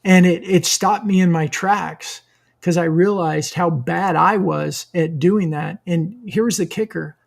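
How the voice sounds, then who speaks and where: A man's voice: high-pitched, unhurried, vocal fry. A man co-hosting a sales podcast, telling a personal story in a reflective, casual way. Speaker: podcast co-host.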